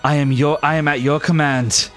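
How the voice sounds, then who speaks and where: A man's voice: on the high side, steady tone, normal speed, a bit bright, faint music behind, natural voice. A man voicing a loyal woman warrior who speaks formally and solemnly.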